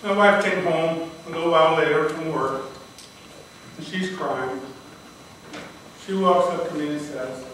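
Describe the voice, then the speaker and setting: He speaks a little slowly and pauses often, his voice on the high side and a bit bright. The older man's prepared contest speech is an earnest, dramatic personal story, caught by a distant mic in a large hall with echo, faint ambience and slight background noise.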